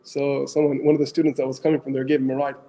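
A middle-aged Islamic scholar with a mid-range voice speaks very fast as he tells stories to a crowd. His delivery is animated, and he asks his listeners questions and blends in phrases.

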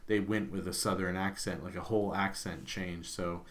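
An American man with a fairly low voice co-hosts a film podcast. He talks in a relaxed, chatty way with loose, wandering phrasing. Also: moderate pace. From United States. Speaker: podcast co-host. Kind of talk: casual film discussion.

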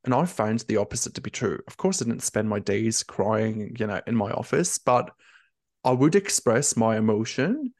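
A man's voice: fairly low pitch, expressive, moderate pace, darkish tone, no echo, studio quality. Candid young male nurse coach. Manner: open, emotional, lots of filler "like". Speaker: nurse career coach, guest. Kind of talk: candid conversational interview.

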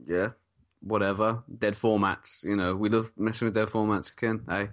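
A male podcast co-host with a fairly low voice, bantering in a relaxed, joking way. He talks casually and trades quips with the host. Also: moderate pace. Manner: joking, laid-back banter. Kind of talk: casual chat.

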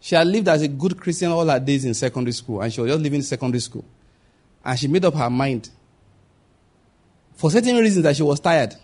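A male pastor preaching a sermon, emphatic, reading scripture slowly and repeating key phrases. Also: a little high, animated, darkish tone, husky.

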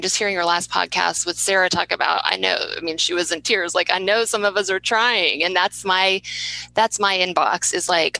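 A woman's voice: mid-range voice, vocal fry, pushed and bright, no room sound, poor audio. A woman hosting a podcast, talking in a heartfelt, rambling way with many restarts. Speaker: podcast host. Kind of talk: interview conversation.

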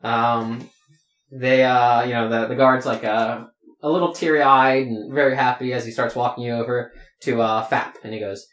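A man's voice: mid-range voice, fairly even intonation, normal speed, a bit bright. A man running a tabletop game as game master, rambling with many fillers. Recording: roomy echo.

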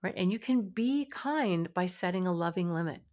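A woman hosts a parenting podcast in an earnest, motivational way, her voice sitting a little low. She often slips into short acted-out lines of what a parent might say to a child. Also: lively intonation, normal speed, a little mellow. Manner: earnest, acts out parent dialogue. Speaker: podcast host and parenting coach.

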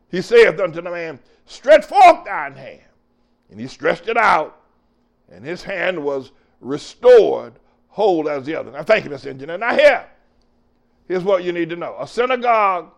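Older male preacher, gravelly, lively pitch that swings high. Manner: preachy, rising to shouts, drawn-out emphatic lines. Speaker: pastor. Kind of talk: sermon.

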